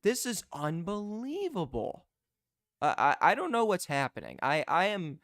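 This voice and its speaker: A young man giving live play-by-play as a fan commentator, excitable and prone to restarting his sentences. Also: high voice, measured pace, no room sound, clean studio sound. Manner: excitable, shouts in disbelief, repeats and restarts.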